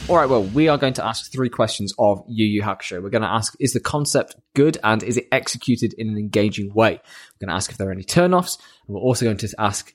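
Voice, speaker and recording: A man co-hosting a podcast in casual chat, relaxed and enthusiastic as he recaps scenes. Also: on the low side, fast talker, faint music behind. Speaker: podcast co-host.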